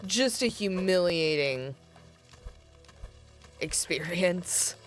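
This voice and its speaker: Slow, lively self-mocking woman streamer. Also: lowish voice, soft background music. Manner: self-mocking, swears often; sarcastic. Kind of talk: casual gameplay commentary.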